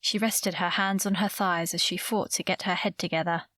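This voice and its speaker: A woman narrating a romantic suspense audiobook in a measured, even storytelling manner, recorded close to the mic. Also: lowish voice, no room sound. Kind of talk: scripted narration.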